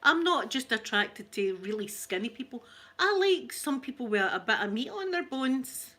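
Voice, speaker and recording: A woman's voice: fairly high pitch, moderate pace. Chatty Scottish woman telling stories. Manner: chatty, laughs often, animated quoted voices. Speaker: ASMR channel host. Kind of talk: casual storytelling chat.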